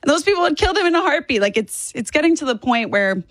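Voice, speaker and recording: A woman's voice: sits high, sing-song, quick pace, no echo. A woman in her twenties speaking as a political guest in an interview, emphatic and repeating herself for stress. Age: 20s. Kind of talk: opinionated interview talk.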